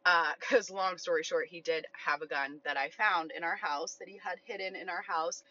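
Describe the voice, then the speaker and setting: A woman's voice: on the low side, fairly even intonation, normal speed, bright, forceful tone. A young woman telling a personal story in a casual vlog, chatty and full of "like". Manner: chatty, heavy use of "like", quoting herself. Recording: slightly dull lo-fi sound.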